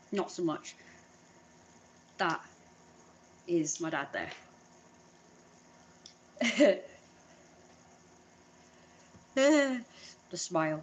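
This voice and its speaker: A woman's voice: lowish voice, a little hiss or hum. Rambling, chatty woman vlogger. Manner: rambling, chatty, self-deprecating. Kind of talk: casual vlog chat.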